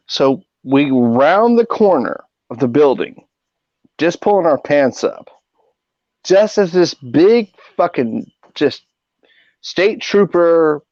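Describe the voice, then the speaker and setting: A man's voice: mid-range voice, a little mellow, dry recording. Profane middle-aged man telling stories. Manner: profane, rambling anecdotes. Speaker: podcast host. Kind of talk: casual storytelling. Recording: dull lo-fi audio.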